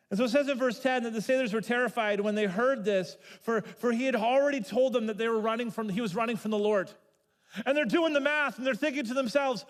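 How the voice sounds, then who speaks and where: A man pastor preaching a sermon, telling the story in an animated way and repeating words as he builds. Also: very high-pitched, normal speed. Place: church sanctuary. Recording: long reverb of a church hall.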